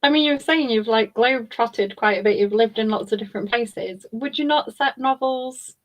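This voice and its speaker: A woman hosts an author interview, putting her questions in a relaxed, friendly way. Her voice sits a little higher than average. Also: normal speed. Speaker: book club interviewer.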